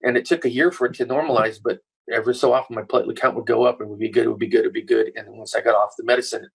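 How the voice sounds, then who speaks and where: A middle-aged man telling a story as a podcast guest, animated and full of swearing. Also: medium pitch, racing, vocal fry, breathy edge, rough recording. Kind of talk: casual interview chat.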